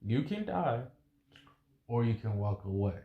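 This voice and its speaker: A man's voice: on the low side, very animated, measured pace, echoey room, narrow, tinny audio. A man voicing a cocky, cool-headed young male street fighter in a blunt, laid-back way. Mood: threatening.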